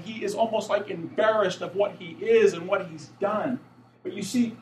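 Preaching man, high voice, echoey room. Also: normal speed, a little hiss or hum. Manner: conversational, asks the congregation questions; grows louder and more urgent toward the end. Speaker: pastor. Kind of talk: sermon. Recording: echoey room, mic from a distance.

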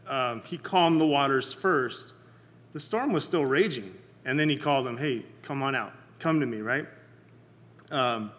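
A man leading a Bible study in a casual, conversational sermon, often checking in with his listeners and pausing with fillers. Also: on the high side, pushed and bright, in a large hall. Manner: halting, many fillers and restarts.

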